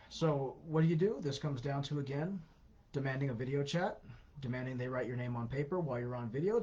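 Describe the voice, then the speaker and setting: A man with a slightly husky, mid-pitched voice hosts a casual online Q&A. He talks in a loose, advisory way, full of fillers and restarts. The sound is dull and lo-fi. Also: a little mellow. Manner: conversational, frequent fillers, advisory. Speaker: host of an anti-scam Q&A. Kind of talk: casual livestream Q&A.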